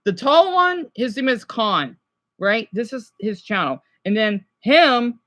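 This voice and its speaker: A man livestreams his reactions in a very high-pitched, animated voice that is slow and sharp in tone. His rambling commentary sounds agitated, stressed and overwhelmed, full of stammers, restarted sentences and frequent apologies.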